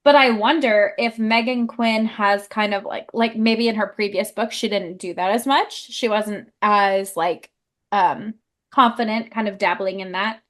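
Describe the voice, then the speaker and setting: A woman's voice: medium pitch, steady tone, measured pace, a bit bright. A young woman co-hosting a casual book podcast, chatty and full of fillers. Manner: chatty, lots of fillers, laughs easily. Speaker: podcast co-host.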